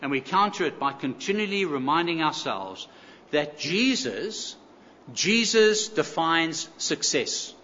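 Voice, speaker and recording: A man's voice: fairly high pitch, lively intonation, slow, bright, forceful tone, a little hiss or hum. A man preaching a sermon, emphatic, repeating key phrases and asking the congregation rhetorical questions. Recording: echoey hall, slightly dull sound.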